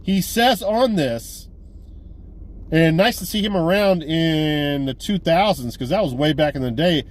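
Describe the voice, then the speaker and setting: A man with a fairly high voice retells a movie plot in a loose, rambling way, swearing freely and restarting his sentences. He sounds like a casual video review of a movie haul, with vehicle noise faintly in the background. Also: unhurried. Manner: rambling, profane, animated retelling. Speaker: movie collector vlogger.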